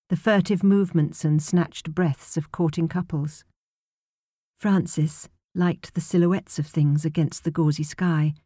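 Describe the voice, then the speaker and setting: Female audiobook narrator, lowish mellow voice, measured delivery, dry studio sound. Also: dry recording. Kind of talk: scripted narration.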